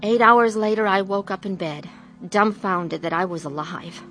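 An actress as an earnest, confessing wife. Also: female voice, medium pitch, normal speed, over loud music, natural voice. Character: troubled middle-aged wife telling her story, woman. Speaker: narrator and main character. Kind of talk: dramatized testimony narration.

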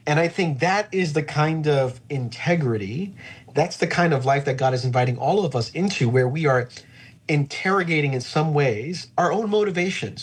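A man's voice: on the high side, lively intonation, moderate pace, slightly rough. A middle-aged male pastor talking in a reflective, earnest way with frequent fillers during an interview. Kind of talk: conversational podcast interview.

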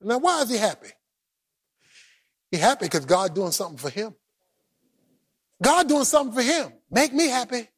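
A man preaching an animated, colloquial sermon who acts out the scripture and often breaks into shouts. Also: very high voice, moderate pace, pauses often, breathy edge.

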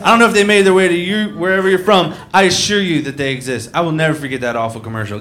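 A man's voice: fairly high pitch, fairly even intonation, very fast, few pauses, fairly bright tone. A man doing stand-up comedy with wry, incredulous storytelling. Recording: live club, crowd and noise.

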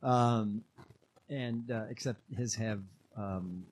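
A man's voice: on the low side, slow pace, darkish tone, a little hiss or hum. A man co-hosting a casual chat, hesitantly introducing video clips with many ums and uhs. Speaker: podcast co-host.

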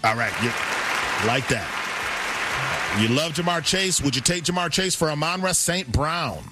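A man hosting a sports talk show, quizzing his co-host in a brisk, teasing way. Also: on the high side, loud music behind the voice, over a noisy crowd. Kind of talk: quiz-style sports debate.

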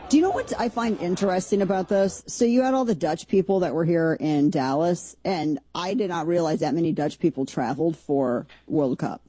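A woman's voice: on the low side, brisk, few pauses, mellow, breathy edge. A woman hosting a casual political commentary show, chatty and rambling, with sarcastic asides. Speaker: host.

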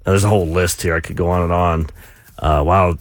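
A man's voice: low-pitched, level tone, a little fast, no echo. Male radio host, mid-range voice, dry booth sound, playful teasing. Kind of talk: casual radio chat and news reading.

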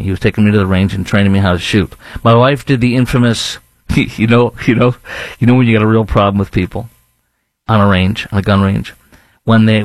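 A man's voice: fairly low pitch, no room sound. A man hosting a talk radio show, speaking in an emphatic, rambling monologue with restarts, now and then mocking others in put-on voices.

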